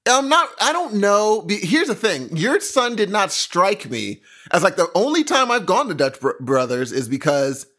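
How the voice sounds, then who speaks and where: A man's voice: sits high, big pitch swings, moderate pace, hardly any pauses, sharp tone. A young man co-hosting a casual chat, telling rambling stories in an exasperated way. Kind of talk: casual banter.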